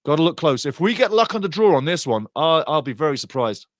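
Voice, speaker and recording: A man hosting a soccer show, giving blunt, excitable live commentary on a penalty shootout. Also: a little high, quick pace, dry recording, studio quality. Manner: excitable, blunt, swings from laughing to outraged shouting. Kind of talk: live watch-along commentary.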